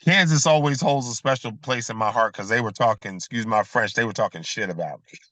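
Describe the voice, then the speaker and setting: A middle-aged former basketball player, a guest on a casual podcast, telling animated stories and laughing between them over a video call. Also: male voice, mid-range voice, fairly quick, no room sound. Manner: animated storyteller who laughs between anecdotes.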